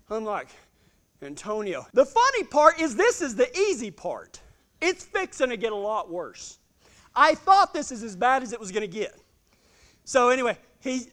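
A man telling a self-deprecating, humorous story in a sermon, animated and laughing often. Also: very high-pitched.

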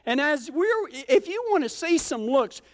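A preacher from Colorado telling a humorous travel story in a folksy, joking way during a sermon. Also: male voice, very high voice, very animated, unhurried. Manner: folksy, joking, self-teasing.

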